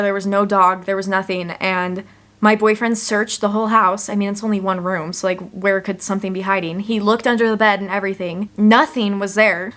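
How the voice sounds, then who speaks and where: A young woman vlogging from her one-room home, telling spooky stories in a chatty, animated way with lots of "like.". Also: medium pitch. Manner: chatty, animated, says "like" often. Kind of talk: casual storytelling to camera.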